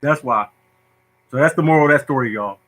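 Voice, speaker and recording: Hosting a lottery show, a man casually tells stories to his viewers, animated, joking, and poking fun at himself. His voice is medium-pitched and brisk, and the audio quality is poor.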